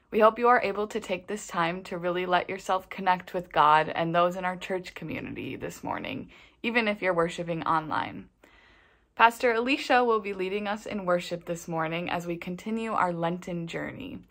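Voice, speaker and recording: Low-pitched woman welcoming online worshippers. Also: fairly bright tone. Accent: Upper Midwest American.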